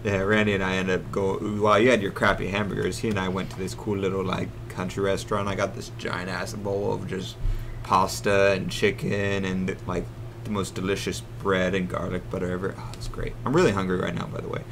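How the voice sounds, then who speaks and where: A laid-back man co-hosting a casual podcast. His voice is very low and gravelly, and he talks in a halting, tired way. Faint noise hums in the background. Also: flat delivery, a bit bright. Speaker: podcast co-host. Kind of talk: casual chat.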